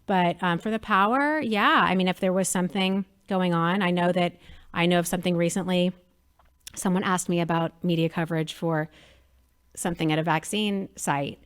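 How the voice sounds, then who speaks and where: A woman in her thirties, a media company president chatting as an interview guest, telling lively stories and acting out quotes. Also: on the low side, moderate pace, smooth. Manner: animated storyteller, acts out quotes. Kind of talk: casual interview chat.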